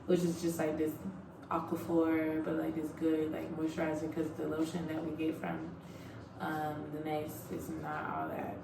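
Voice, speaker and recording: Frank, low-voiced young woman vlogging. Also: completely flat delivery, moderate pace, far from the mic. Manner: loose and frank, full of "like" and "um", swears freely. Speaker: Navy recruit sharing her boot camp experience. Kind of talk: casual storytelling vlog. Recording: echoey room, voice off-mic, clear background noise.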